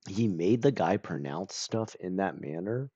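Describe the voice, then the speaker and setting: A man chatting casually on a stream, rambling with lots of "like" and clearing his throat and coughing now and then. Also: deep voice, expressive, slow, mellow, no room sound, dull audio. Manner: rambling, full of "like" and self-corrections.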